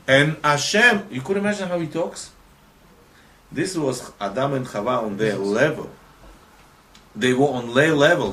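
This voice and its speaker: A man's voice: mid-range voice, very animated, normal speed, fairly bright tone. Emphatic man teaching a religious class. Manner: emphatic, often asks the listeners questions. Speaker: Torah teacher.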